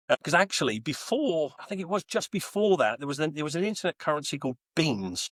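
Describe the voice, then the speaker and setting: A Texan man in his forties guests on a podcast, telling stories as a home Bitcoin miner in easygoing interview chat. His voice is on the high side and quick, with hardly any pauses, and he's chatty and animated, full of fillers and restarts. No echo.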